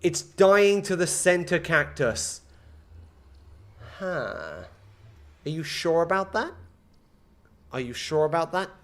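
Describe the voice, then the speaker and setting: Male game streamer, sharp bright tone, fed-up running commentary. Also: a little high, big pitch swings, takes it slowly, pauses often. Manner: exasperated, talks to himself and chat. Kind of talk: live-streamed gameplay commentary.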